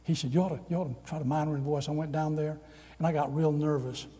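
Older preacher telling stories from the pulpit, kinda husky mellow voice, big echoey hall. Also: male voice, fairly high pitch, quick pace. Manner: animated storyteller, acts out quoted voices. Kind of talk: storytelling sermon. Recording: long reverb of a large hall.

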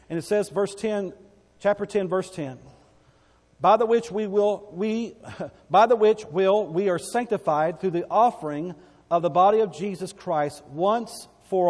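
A man preaching a sermon, emphatic and repetitive, rising to loud cries and dropping to quiet asides. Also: on the high side, in a large hall.

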